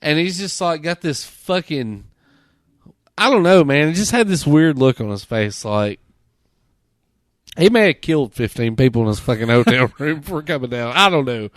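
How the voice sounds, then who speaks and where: A man hosting a podcast, telling a story in a casual, profane, animated way and mimicking the people he quotes. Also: on the high side, moderate pace, no echo, studio quality. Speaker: podcast host.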